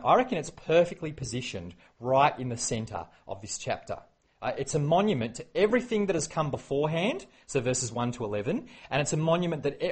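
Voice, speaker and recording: A man preaching a sermon, animated and acting out the quoted exchanges. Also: on the high side, husky. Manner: animated, acts out quoted exchanges, many fillers.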